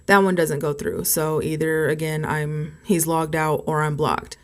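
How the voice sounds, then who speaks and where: A young woman vlogger telling a story straight to camera in a low-set voice. She rambles and swears constantly. When the anger builds she flares up loud and high. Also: fairly even intonation, a little slow. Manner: swears heavily, rambling and heated. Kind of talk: casual storytime vlog.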